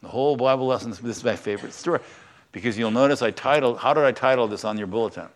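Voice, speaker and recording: Older pastor, chatty teaching sermon. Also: male voice, mid-range voice, fast talker. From United States. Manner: conversational teaching, asks the congregation questions.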